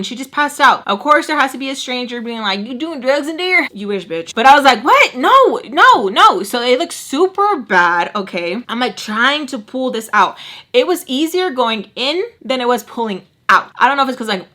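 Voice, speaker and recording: A woman with a bright, somewhat high voice tells a story to her viewers. Her talk is loose and slangy, full of fillers, with dramatic sound-effect beats. It feels like a casual storytime vlog. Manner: animated, slangy, dramatic retelling. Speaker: vlogger.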